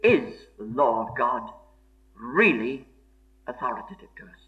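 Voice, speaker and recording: A man's voice: medium pitch, lively intonation, unhurried. A man preaching a sermon in an earnest, emphatic way, repeating key phrases for stress. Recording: dull lo-fi sermon recording.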